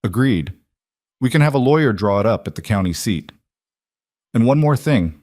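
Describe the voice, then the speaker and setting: A man's voice: medium pitch, animated, moderate pace, darkish tone, no room sound, lightly acted. A man reading the part of a terse, plain-spoken rancher who talks bluntly and dryly. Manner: blunt and dry.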